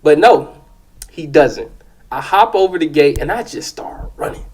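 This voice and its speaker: Man, somewhat high voice, loose profane storyteller, keeps checking the listener is with him. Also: lively intonation, measured pace, darkish tone, breathy edge. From South Side of Chicago. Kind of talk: casual spoken storytelling.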